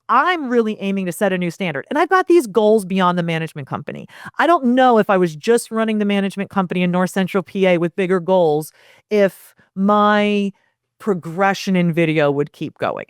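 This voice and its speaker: Energetic woman with a smooth voice. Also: mid-range voice, dry recording, studio quality. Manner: energetic, animated, acts out quoted lines. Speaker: guest, property management founder. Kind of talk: casual interview chat.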